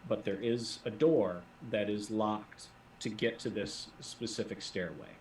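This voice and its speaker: A man's voice: fairly low pitch, unhurried, darkish tone, slight background noise. A man acting as game master, describing the scene and calling for dice rolls in a tabletop role-playing game. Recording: echoey room, voice from a distant mic.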